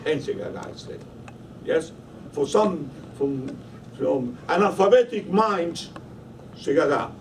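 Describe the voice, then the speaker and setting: High-pitched rabbi man teaching a class, keeps asking the room questions, mic set back from him, faint hum. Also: lively intonation, a little slow, creaky, long pauses. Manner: emphatic, questioning the listeners. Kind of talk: Torah lesson. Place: study hall. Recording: voice from a distance, faint room noise.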